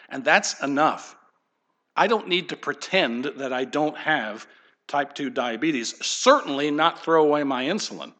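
A man preaching a conversational sermon as pastor, emphatic and quick to correct himself. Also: fairly high pitch, fairly bright tone.

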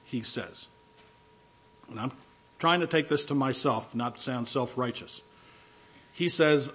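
A man's voice: mid-range voice, slow, pauses often, a bit bright, slightly rough. Emphatic preaching man, dull lo-fi sound. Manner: emphatic, repeating key phrases with rising force. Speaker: pastor. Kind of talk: sermon.

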